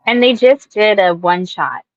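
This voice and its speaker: A woman's voice: mid-range voice, expressive, normal speed. A woman guest in a casual comic book chat, talking in a chatty way. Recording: dull, dry audio.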